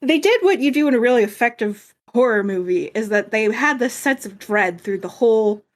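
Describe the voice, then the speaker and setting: A woman co-hosting a casual game podcast, talking in an animated way. She drops swear words freely and laughs often as she chats. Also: a little high, a little fast. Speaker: podcast co-host. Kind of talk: casual chat.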